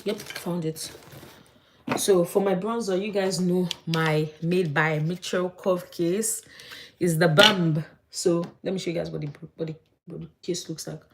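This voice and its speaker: Chatty woman, low voice. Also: a little slow, slight background noise. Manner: chatty, animated gossiping. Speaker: vlogger. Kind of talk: casual chat while doing makeup.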